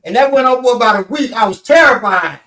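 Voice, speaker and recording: A man, telling a story in casual talk and acting out quotes with big pitch jumps. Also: lively intonation, quick pace, sharp tone, distant mic. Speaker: show instructor telling a story. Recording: echoey room, voice off-mic.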